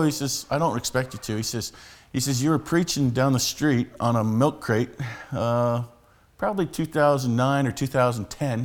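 Man preaching conversationally. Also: mid-range voice. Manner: conversational storytelling with frequent restarts. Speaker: street preacher. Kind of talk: sermon.

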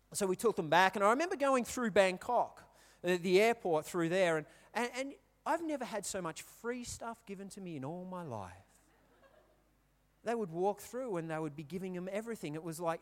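A man in his thirties with an Australian accent, giving a chatty sermon full of stories and questions to the congregation. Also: high voice. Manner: chatty, storytelling, asks the crowd questions. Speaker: pastor. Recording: reverberant hall.

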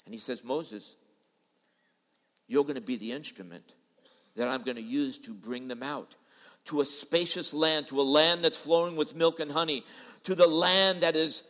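A man preaching a sermon in a dramatic style, switching between loud and soft as he acts out quoted voices. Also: on the high side, long reverb tail. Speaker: pastor. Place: large church hall.

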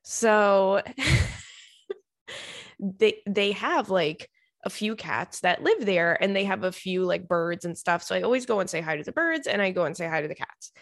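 Speaking a little slowly with lively intonation, this young woman uses a medium-pitched voice to tell her viewers funny stories on camera. She laughs a lot, curses freely, and is full of "girl" and "like" in her chatty delivery.

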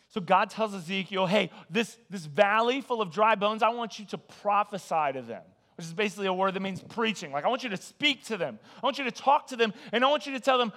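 A man preaching a casual, conversational sermon, animated and joking as he tells the story. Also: sits high, a little fast, hardly any pauses. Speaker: pastor.

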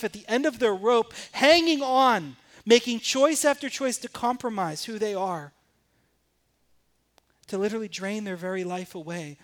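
A pastor with a voice that sits high preaches a sermon. He moves between quiet, intense passages and rising, emphatic questions.

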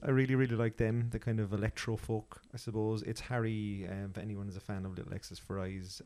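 A man's voice: on the low side, darkish tone. An Irish man chatting casually on a podcast, enthusiastically reviewing a festival with many restarts. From Ireland.

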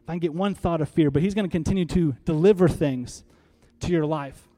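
A pastor with a fairly high, mellow voice preaches a little fast and with emphasis. He leans on rhetorical questions, leads call-and-repeat lines with the congregation, and handles props on stage.

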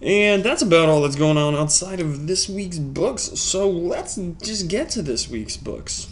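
A man hosting a solo podcast, rambling in a jokey, self-deprecating way, swinging from low mumbles to loud outbursts. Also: animated, unhurried, a little hiss or hum. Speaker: podcast host.

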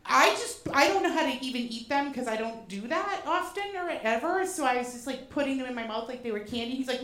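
High-voiced woman telling a comic story. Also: fairly quick, hardly any pauses. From Boston. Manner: animated and profane, with self-mocking asides. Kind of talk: comedic personal storytelling. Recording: roomy echo.

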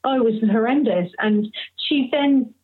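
Over phone-like narrow audio, a woman in her thirties with a slightly high, slightly slow voice tells a personal story as an interview guest. She is candid and emotional, acting out what other people said.

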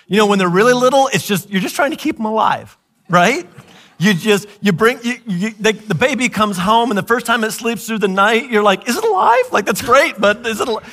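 A middle-aged man, a pastor, telling a family story in sermon style, animated and laughing as he acts out the voices in it. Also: high voice.

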